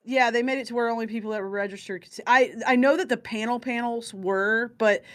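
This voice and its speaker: A man's voice: very high-pitched, steady tone, brisk, a bit bright. A man talking emphatically on a casual podcast panel. He rambles and repeats himself while making his points. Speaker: podcast co-host.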